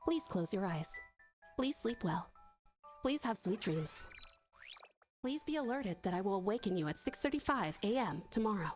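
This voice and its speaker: A woman's voice: mid-range voice, soft background music, voice pushed down, lightly acted. A woman voicing a soothing, formal robotic assistant that announces the time and bedtime. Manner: calm, formal, measured.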